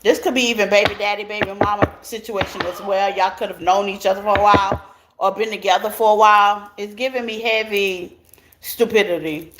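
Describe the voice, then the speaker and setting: A tarot reader gives her viewers a casual reading, talking directly to them in a chatty way and laughing often. Her mid-range voice is steady in tone and a little fast, and background noise is clearly audible.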